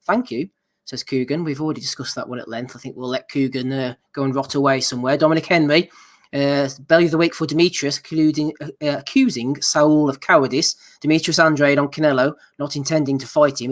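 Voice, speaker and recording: A man hosts a casual podcast with a slightly raised pitch. He reads listener messages and news in a dry, sarcastic way. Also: steady tone, quick pace. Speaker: podcast host. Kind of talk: casual banter reading nominations.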